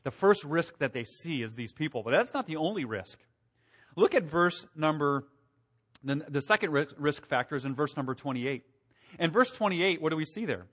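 A man preaching a sermon, animated, asking the congregation questions and acting out quotes in a raised voice. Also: on the high side, moderate pace. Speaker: pastor.

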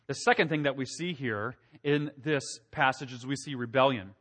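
A man preaching a sermon, animated, asking the congregation questions and acting out quotes in a raised voice. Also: medium pitch, moderate pace. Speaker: pastor.

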